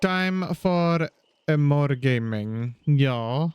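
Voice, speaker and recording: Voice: medium pitch, animated, drawn-out words, a little mellow, clean tone, no room sound. A streamer chatting casually during a gaming livestream, playful and jokey, with sudden silly roars and sing-song bits.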